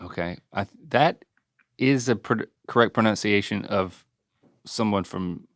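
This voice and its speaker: A man's voice: fairly low pitch, measured pace. A middle-aged man hosting a casual podcast chat, teasing and acting out quoted voices. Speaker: host.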